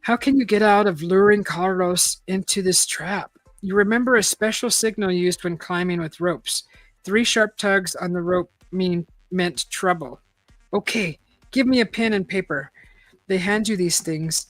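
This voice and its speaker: A woman's voice: lowish voice, moderate pace, dry recording, soft background music. A woman hosting a casual live-stream, reading a choose-your-own-adventure book aloud, chatting and laughing often.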